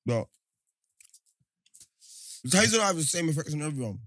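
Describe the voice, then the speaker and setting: A young man in casual chat, joking and teasing with quick interjections. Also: fairly high pitch, sing-song, a bit bright, no room sound, clean studio sound.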